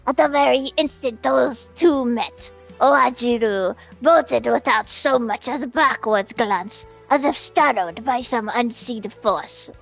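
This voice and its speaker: A woman voicing a solemn male cactus warrior who chronicles events, in a slow, odd storytelling voice while playing a game on stream. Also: fairly high pitch, creaky, faint music behind, exaggerated voice, poor audio.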